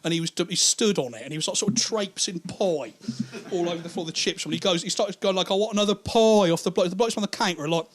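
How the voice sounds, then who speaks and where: Animated, crude man telling stand-up stories. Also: sits high, fast. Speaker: stand-up comedian. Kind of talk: stand-up storytelling.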